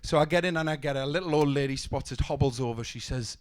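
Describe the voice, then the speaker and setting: A young man doing a stand-up set, telling deadpan one-liners with stumbling restarts, on a comedy club stage. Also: on the high side, fast, hardly any pauses. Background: audience laughter.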